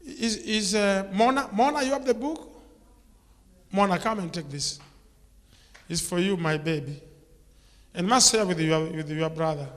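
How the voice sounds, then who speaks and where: A man with a Kenyan English accent preaching a sermon as a bishop, repetitive and swinging between soft murmurs and loud exclamations. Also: high voice, animated, normal speed, pauses often. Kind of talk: sermon with live interpretation. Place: church. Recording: church hall with long reverb.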